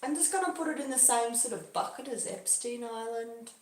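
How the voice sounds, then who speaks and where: A woman's voice: fairly high pitch, a little fast, reverberant. A woman talking through a casual livestream monologue in a musing, loosely paced way. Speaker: livestream host.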